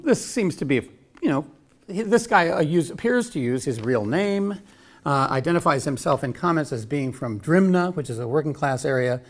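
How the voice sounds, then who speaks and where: A man giving an informal academic talk with slides, chatty and full of restarts and asides. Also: mid-range voice. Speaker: lecturer.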